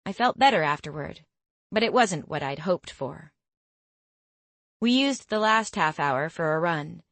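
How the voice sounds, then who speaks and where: Young woman narrator, wry and expressive, lowish voice, dry booth sound. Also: measured pace, no echo. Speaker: audiobook narrator. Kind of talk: first-person scripted narration.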